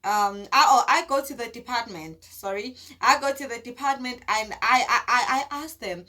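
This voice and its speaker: Girl in her 20s, story time vlog, high bright voice, super dramatic. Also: moderate pace, hardly any pauses. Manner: animated, dramatic, acts out scenes. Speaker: vlogger. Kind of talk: casual storytelling.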